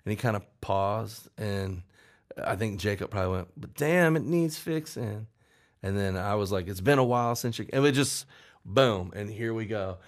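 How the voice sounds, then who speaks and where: A man with a fairly low voice tells a long story about writing a song, in a loose, rambling way. He jumps up into a higher voice whenever he acts out what someone else said. His talk is animated and full of restarts. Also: moderate pace. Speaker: songwriter. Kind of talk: storytelling in a podcast interview.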